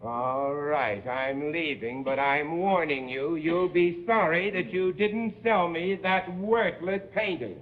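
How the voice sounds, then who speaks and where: A man's voice: fairly high pitch, takes it slowly, hardly any pauses. An actor playing a suave, scheming male art swindler with a theatrical manner, in a television comedy sketch. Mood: threatening. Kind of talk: 1950s-60s TV sketch comedy. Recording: muffled old TV broadcast, studio audience.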